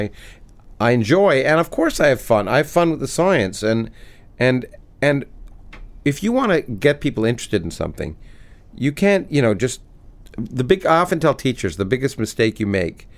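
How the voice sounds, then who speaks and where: A middle-aged man, a physicist guest, talking animatedly in an interview with many restarts. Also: mid-range voice. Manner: animated, many restarts, reads a passage slowly. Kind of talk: conversational interview.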